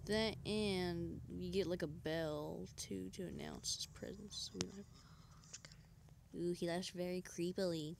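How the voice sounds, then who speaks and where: A woman's voice: fairly low pitch, steady tone, unhurried, creaky, background noise. A woman coaching a friend through a horror game in casual chat, reassuring and guiding. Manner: reassuring, guiding, loose and chatty.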